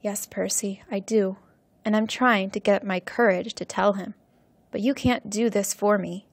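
A woman reading aloud and voicing a gentle, worried mother who speaks softly and pleads. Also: medium pitch, fairly even intonation, moderate pace, breathy edge, no echo. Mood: soft pleading. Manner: soft, pleading, tender.

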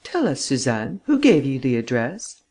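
A man's voice: medium pitch, wildly swooping pitch, normal speed, darkish tone. A man reading the part of an anxious aristocratic official who is evasive and frightened. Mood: uneasy.

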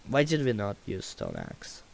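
A man's voice: on the low side, creaky, poor audio. A man doing a put-on Russian accent while casually commentating a video game, playful and jokey. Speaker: gamer.

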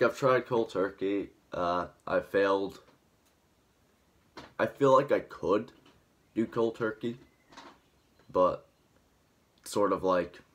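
The voice is a young man's, low-pitched and fairly bright. As a vlogger, he's rambling casually to camera at home in the early morning, dry in the throat, just waking up and full of fillers.

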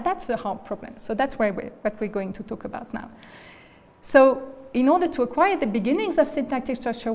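A woman gives a lecture in a large hall, and long reverb trails behind each phrase. Her voice sits a little high. She builds the argument step by step and keeps checking with the room. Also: a little mellow. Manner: explains step by step, often checks in with "okay?" and "right?". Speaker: guest lecturer. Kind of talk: academic lecture.

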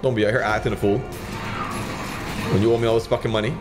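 A man's voice: lowish voice, steady tone, fast, music in the background. A man streaming slot games, who keeps up profane, joking commentary and talks back to the games as he plays. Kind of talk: casual gambling commentary.

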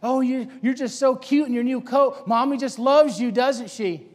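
A man's voice: very high-pitched, fairly even intonation, fast talker, a bit bright, big-room sound. A preacher voicing sneering young men who mock a boy in sing-song ridicule. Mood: taunting.

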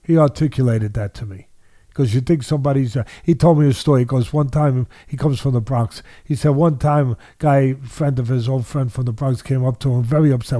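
A man's voice: medium pitch, moderate pace, warm tone, dry recording, studio quality. An older man, a boxing trainer, telling stories in an interview, driving points home by repeating phrases. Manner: emphatic, repeats phrases for weight. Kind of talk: interview storytelling.

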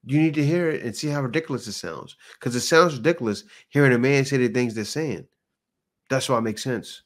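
A man's voice: mid-range voice, a little fast. A man hosting a reaction video, commenting casually with rhetorical questions and laughter. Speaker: reaction channel host.

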